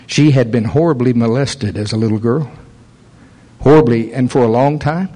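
A man's voice: medium pitch, rough recording. A man preaching a sermon, telling a story and acting out the voices in it. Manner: animated storyteller, acts out voices.

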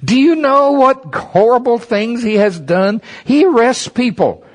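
A preacher putting on a frightened, pleading disciple. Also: male voice, very high-pitched, expressive, a little slow, pitched above the performer's own voice.

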